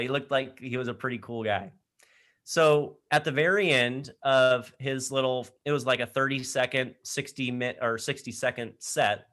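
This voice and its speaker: A man speaking in an online session from his laptop mic, telling an animated story to high school students with frequent laughter. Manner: energetic, animated storyteller who laughs often. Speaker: leadership program speaker.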